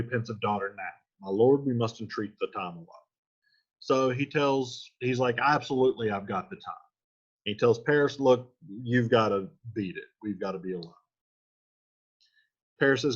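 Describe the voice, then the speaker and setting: A man's voice: medium pitch, moderate pace, muffled recording. Slangy man paraphrasing a play. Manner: reads old lines then paraphrases them in slangy modern speech. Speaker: teacher explaining a play. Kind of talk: casual line-by-line play explanation.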